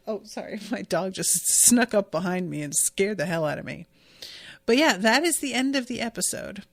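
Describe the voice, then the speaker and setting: A woman's voice: medium pitch, lively intonation, normal speed. A woman hosting a podcast and casually recapping an episode, gushing and swearing freely. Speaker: podcast host.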